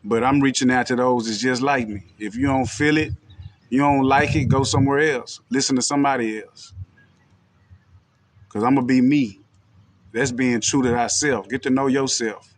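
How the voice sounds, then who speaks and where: Speaking at a moderate pace in a steady, mid-range voice, this livestream host from Texas addresses viewers directly with a country twang. His phrasing is loose and street-casual, with frequent "you know what I'm saying". A little hiss or hum runs underneath.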